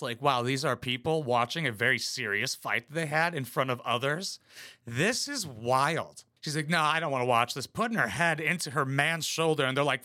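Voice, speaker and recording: A man's voice: a little high, bright, forceful tone, dry recording, clean studio sound. A man giving crude, mocking, blunt commentary while reacting to a reality show. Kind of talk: casual profane commentary.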